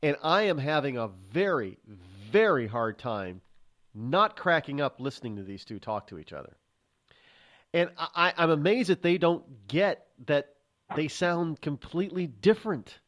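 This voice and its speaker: A man's voice: on the high side, animated, normal speed, fairly bright tone. A man hosting a casual talk show, rambling with many restarts and fillers as he tells stories. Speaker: host. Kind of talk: casual chat.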